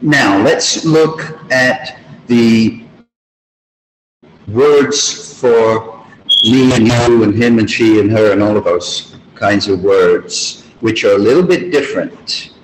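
A man teaching a language lesson, explaining grammar slowly and repeating example phrases. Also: fairly low pitch, a little hiss or hum. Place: school room or video call. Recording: roomy hall with faint ambience.

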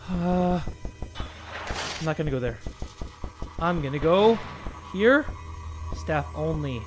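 A man doing excitable, swear-filled gameplay commentary as a gaming YouTuber. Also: a little high, slow, pauses often. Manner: excitable, swears, yelps and shouts when startled. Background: game music.

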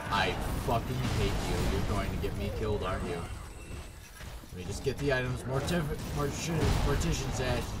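A young man commentating his own gameplay, swearing and sarcastic as he rants at enemies. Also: medium pitch. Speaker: gaming YouTuber.

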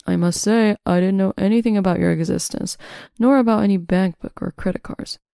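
A woman voicing a calm, cold young man in a scripted story. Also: medium pitch, fairly quick, creaky, clear, resonant tone, dry recording, clean studio sound, close to an everyday voice. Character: cold young man, the mistress's real boyfriend.

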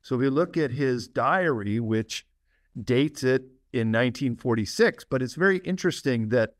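An enthusiastic man talks at length as a podcast guest, laughing now and then. His voice has a middle pitch. The sound is dry and close, with no room around it. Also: moderate pace, no echo. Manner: enthusiastic, laughs often, steady explaining. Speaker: guest author. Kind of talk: podcast interview storytelling.

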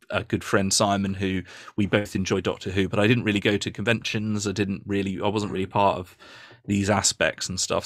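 A man being interviewed, chatting modestly and warmly about his videos, with lots of restarts. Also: lowish voice, no echo, studio quality. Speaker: guest, YouTube reviewer. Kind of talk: casual interview chat.

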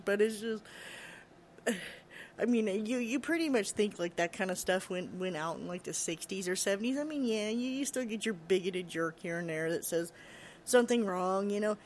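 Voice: medium pitch, slight background noise. A show host giving a casual opinion rant, laughing often and using many fillers, with short mocking put-on voices.

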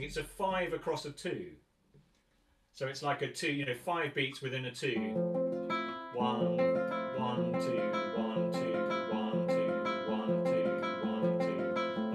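A man teaching a guitar masterclass in a chatty way, often counting and singing rhythms aloud. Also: mid-range voice. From England. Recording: roomy sound, mic at a distance.

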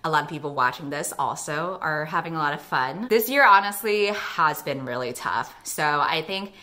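Young female YouTuber reading fanfic aloud with sharp comic asides; low-pitched, tense and bright. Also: normal speed. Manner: expressive, wry commentary.

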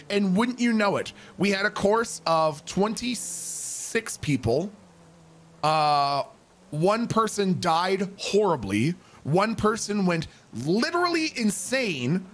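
A man telling an animated anecdote in a profane, emphatic way, acting out the quotes. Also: sits high. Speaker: roleplay streamer.

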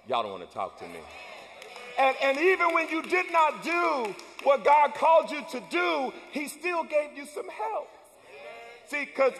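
A man preaching a sermon as pastor, with call-and-response lines that build up to shouts. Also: extremely high pitch. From United States. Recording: long church hall reverb.

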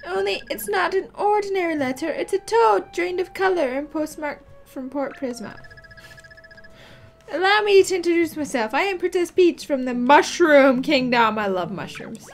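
A woman's voice: sits high, expressive, moderate pace, a little hiss or hum. A woman reading as a polite young princess.

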